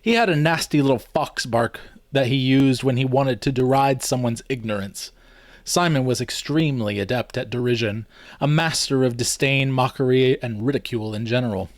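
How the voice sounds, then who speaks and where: A man narrating a first-person novel aloud in a wry, expressive storytelling manner. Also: medium pitch, normal speed, no echo, clean studio sound. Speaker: reader.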